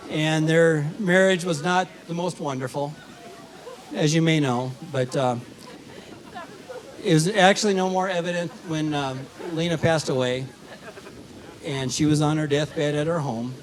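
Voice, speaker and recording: A man giving a folksy, halting wedding toast at a reception, telling a joke with many fillers. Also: on the high side, slight background noise, poor audio. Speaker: wedding toast speaker, family of the bride.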